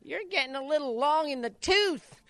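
A man voicing an older male horse trainer with a high-pitched voice and blunt, barking manner. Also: expressive, moderate pace, a bit bright, no room sound, heavily acted. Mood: scolding.

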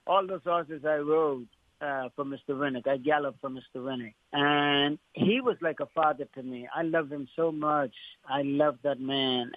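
Man telling a story over a tinny phone line. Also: a little high. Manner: halting, with repeated restarts. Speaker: guest, former horse exercise rider. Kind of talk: emotional personal storytelling. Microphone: telephone.

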